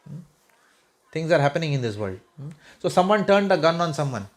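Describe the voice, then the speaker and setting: A man's voice: a little high, sing-song, brisk. A man from Mumbai with an Indian English accent, giving a conversational spiritual talk to a home group, wry and sometimes sarcastic, often checking in with "right?" and "hmm?". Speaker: spiritual speaker.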